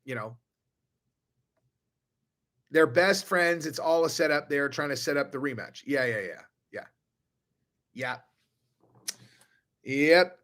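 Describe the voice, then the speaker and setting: A man's voice: fairly high pitch, slow pace, pauses often, a bit bright. A man ranting on a live stream, profane and rambling, restarting his sentences often. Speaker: online commentator.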